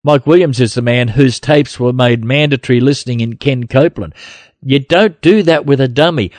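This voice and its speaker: A man's voice: medium pitch, moderate pace, darkish tone, no echo. A man hosting a gospel podcast, talking bluntly and combatively and laughing often. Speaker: podcast host. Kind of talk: casual podcast chat.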